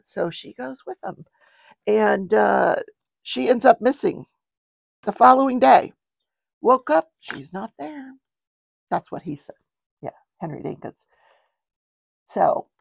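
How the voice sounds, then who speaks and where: A woman's voice: on the low side, gravelly, husky, no echo. An older woman hosting a show, recapping a trial in a chatty, rambling way with wry asides. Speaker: true-crime show host.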